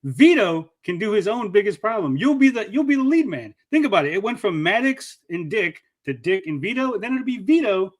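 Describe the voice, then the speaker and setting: A man's voice: sits high, big pitch swings, brisk, hardly any pauses. A man calling into a podcast, casual and argumentative, persistently pushing his ideas. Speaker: call-in guest.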